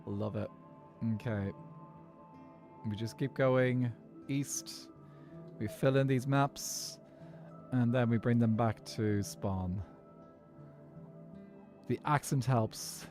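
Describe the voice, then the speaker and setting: Over soft background music, an Irish Minecraft streamer rambles casually as he plays and reads chat, laughing frequently. He has a mid-range, slightly mellow voice and speaks slowly, leaving long pauses.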